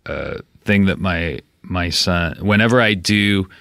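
Man, dull monotone, halting, bright tone, dry room. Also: deep voice, creaky, dry recording. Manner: halting, full of fillers. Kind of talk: casual comedic chat.

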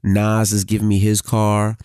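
A man's voice: fairly low pitch, measured pace, clean tone, no echo, clean studio sound. A man co-hosting a casual podcast, telling stories animatedly with the odd curse. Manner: animated storytelling, swearing, hums sound effects. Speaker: podcast co-host. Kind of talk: casual chat.

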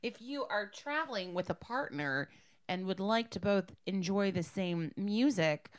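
A woman's voice: medium pitch, lively intonation, unhurried. A woman co-hosting a casual podcast chat, chatty and enthusiastic.

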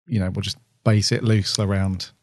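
An easygoing man with a fairly low voice talks casually with his co-host. The recording is dry and close, with no room sound. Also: moderate pace, dry recording. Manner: relaxed, easygoing, agreeable. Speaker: podcast co-host. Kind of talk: casual chat.

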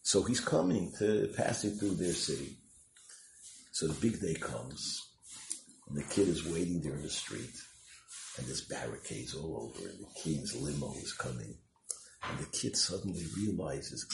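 Rabbi, deep creaky voice, storytelling Torah talk, echoey room with faint hiss. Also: male voice, expressive, normal speed. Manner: storytelling, sprinkled with Yiddish and Hebrew terms.

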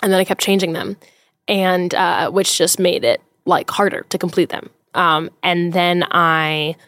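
A woman's voice: on the low side, unhurried, fairly bright tone, no room sound. A woman who is a comedian, chatting as a podcast guest in a candid, rambling way with lots of fillers. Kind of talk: casual chat.

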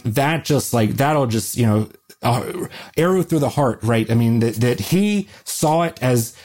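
A man with a warm, mellow voice speaks earnestly in a casual interview. He explains history with plenty of fillers and self-corrections, never rushing to sound polished. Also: medium pitch. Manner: earnest, many fillers and restarts. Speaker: guest historian. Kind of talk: conversational interview answers.

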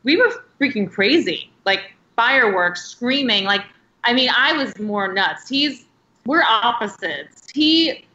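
A woman's voice: a little high, expressive, slow, bright, forceful tone, roomy sound, muffled recording. A woman in her thirties, talking as a guest in a casual interview, chatty and rambling with many filler words. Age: 30s.

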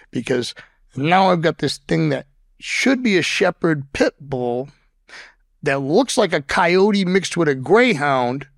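A man's voice: fairly high pitch, no room sound, clean studio sound. Blunt, cursing man telling stories. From Boston. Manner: profane, blunt storyteller with frequent stammered restarts. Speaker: podcast guest. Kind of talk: casual interview storytelling.

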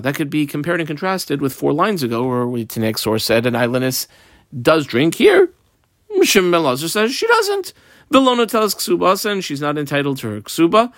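A man teaching a Talmud page line by line, in a lively, sing-song study cadence. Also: fairly high pitch, no room sound, clean studio sound. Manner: explains line by line, mixing Hebrew and Aramaic terms. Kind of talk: Talmud lesson walkthrough.

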